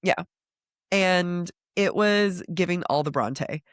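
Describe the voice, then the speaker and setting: A woman co-hosting a book podcast in casual chat, slightly raspy and stuffed up from a cold, playful and quick to laugh. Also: lowish voice, no room sound, clean studio sound. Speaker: podcast co-host.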